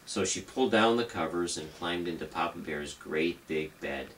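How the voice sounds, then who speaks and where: A father reading a children's story aloud to his baby at home, gentle and playful. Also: low voice, moderate pace, slight background noise.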